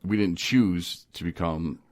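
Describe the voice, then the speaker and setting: A man hosting a casual podcast, telling stories with animated energy, laughing often and slipping into voices. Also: sits low, a little slow. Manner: animated storyteller who laughs and slips into voices. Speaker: podcast host. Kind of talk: casual recovery podcast chat.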